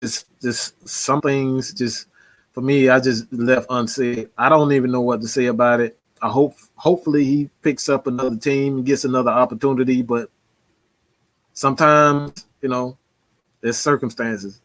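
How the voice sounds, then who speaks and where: A man's voice: mid-range voice, steady tone, normal speed, a bit bright, no echo. A man giving casual, slangy football commentary, talking loosely with frequent laughs. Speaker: sports commentator. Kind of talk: casual sports talk.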